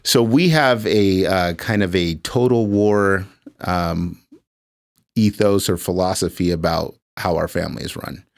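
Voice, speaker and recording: A middle-aged man as a guest on a podcast, talking in a reflective way with frequent uh and um pauses. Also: deep voice, vocal fry. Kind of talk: casual chat.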